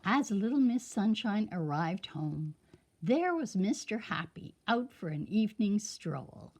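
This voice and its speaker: A woman reading a children's storybook aloud in a slow, expressive way. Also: medium pitch. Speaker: reader of a children's book.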